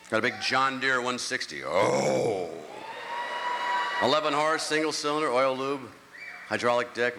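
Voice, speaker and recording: A man in his sixties doing a stand-up comedy routine on a theater stage, ranting animatedly and swinging between grumbling and squeaky outbursts. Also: bright, forceful tone. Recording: echoey hall, clear crowd noise. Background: audience.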